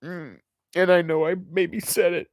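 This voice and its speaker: Guy rambling to camera, halting and heavy, lots of restarts, dry room sound. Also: sits high, flat delivery, dry recording. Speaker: channel host. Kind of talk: unscripted confessional monologue.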